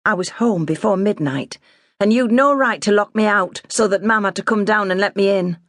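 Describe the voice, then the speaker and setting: Woman doing a feisty farm girl, nineteen, sharp and higher pitched, dry read. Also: moderate pace, no echo, lightly acted. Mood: defiant. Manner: sharp, defiant, sarcastic. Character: defiant nineteen-year-old farm girl.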